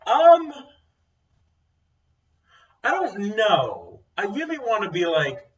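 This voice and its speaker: A man's voice: high-pitched, wildly swooping pitch, slow, pauses often. A young man chatting casually as a co-host. He talks bluntly and rambles, full of fillers. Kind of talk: casual chat. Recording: dull, distant mic sound.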